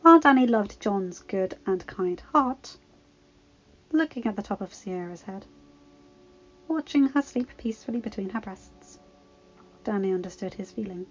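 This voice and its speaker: A woman reading fan fiction aloud in a calm, even storytelling voice. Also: mid-range voice, moderate pace, long pauses, highs cut off. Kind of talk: storybook narration.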